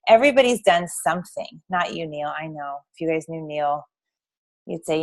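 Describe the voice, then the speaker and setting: A woman's voice: fairly low pitch, animated, normal speed, a little mellow. Woman from Texas, chatty and earnest, leads a small informal class. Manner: earnest, chatty, addresses the audience directly. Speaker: speaker at an essential oil class. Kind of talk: informal talk to a small group.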